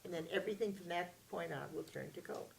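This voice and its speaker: A woman voicing a small magical man who grants wishes, speaking calmly and instructively. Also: lowish voice, fast, vocal fry, far from the mic, background noise. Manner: calm, instructive.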